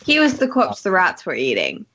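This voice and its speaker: A woman's voice: medium pitch, huge pitch swings, moderate pace, a crowd in the background. A tired woman playing a tabletop game, recapping plans in a matter-of-fact way. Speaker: player. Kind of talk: casual tabletop chat. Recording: dull lo-fi recording.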